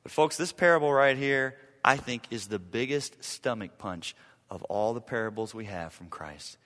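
A man preaching a sermon, with dramatic swings from loud urgency to hushed, near-whispered lines. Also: medium pitch, expressive, normal speed. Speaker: pastor. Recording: long reverb of a large hall.

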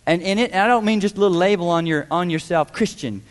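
Male pastor, high voice, emphatic sermon delivery, reverberant church hall. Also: fast talker. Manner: emphatic, rhetorical questions, mimics voices.

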